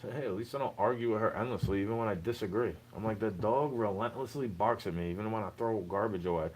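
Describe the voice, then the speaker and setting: A young man rants straight at the listener in an unscripted, rambling, aggrieved monologue, dropping "bro" over and over. His voice is fairly low, fast and darkish in tone. The recording is low quality, with a little hiss or hum.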